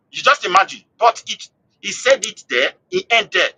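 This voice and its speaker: Man, call-in guest, heated political commentary, high animated voice, husky bright tone, repeats himself for emphasis. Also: normal speed, no room sound, rough recording. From Nigeria. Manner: emphatic, repeats and restarts phrases.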